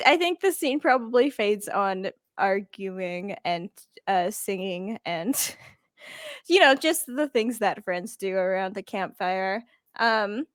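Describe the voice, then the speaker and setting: A woman's voice: medium pitch, fairly bright tone, no room sound, studio quality. A woman narrating as dungeon master, chatty and giggly, with many ums as she recaps the story. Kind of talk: narrating a tabletop game.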